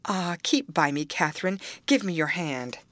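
A woman's voice: low-pitched, moderate pace, fairly bright tone, no room sound. A woman reading the part of a frail, frightened young man who pleads and pants, in an audiobook. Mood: pleading. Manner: panting, pleading.

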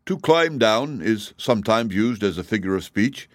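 A kindly old wizard explains things in a low, measured, patient voice, recorded close and dry for a storybook, as a man puts him on. He sounds steady and reassuring. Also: no echo, lightly acted. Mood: calm. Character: calm, kindly little old male wizard. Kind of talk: audiobook reading.

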